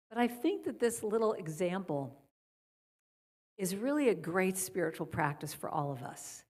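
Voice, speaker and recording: A middle-aged woman speaking as a guest at a church service, softly guiding listeners and telling stories. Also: mid-range voice, lively intonation, normal speed. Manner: gentle, guiding a breathing exercise then storytelling. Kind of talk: spiritual talk at a church service. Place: church sanctuary.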